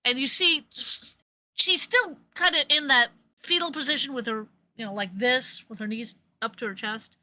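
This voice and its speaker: A woman narrating as game master of a tabletop game, animated and often laughing. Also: high voice, normal speed, no echo. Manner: animated, laughing often, with frequent fillers and restarts.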